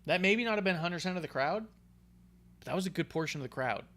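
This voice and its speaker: Male co-host, casual and animated, salty language, quotes others as he goes. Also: sits high, quick pace. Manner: excitable, swears, acts out quotes. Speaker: podcast co-host. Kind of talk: casual wrestling chat.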